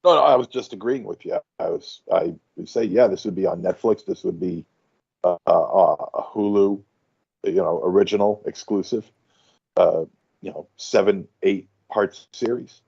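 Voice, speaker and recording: A man's voice: deep voice, moderate pace, creaky, a little mellow, breathy edge, no room sound, lo-fi sound. A man in a casual podcast film chat, agreeing with the others in a hesitant way.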